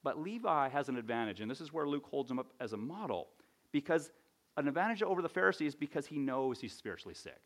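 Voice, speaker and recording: A man's voice: mid-range voice, expressive, fast. Conversational male preacher. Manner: conversational teaching with frequent "right?" asides. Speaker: pastor. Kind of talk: sermon.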